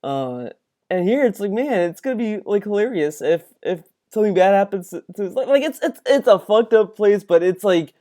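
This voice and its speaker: A man giving reaction commentary on a clip, rambling and halting with many restarts and fillers. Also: high voice, expressive, dark tone. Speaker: commentary video host.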